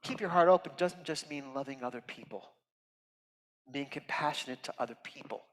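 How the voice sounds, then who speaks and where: A man giving a heartfelt, expressive inspirational talk as a guest speaker at a temple, swinging from loud emphasis to soft near-whispers. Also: medium pitch, normal speed. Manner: earnest and heartfelt, tearful at moments. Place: temple sanctuary. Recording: reverberant hall.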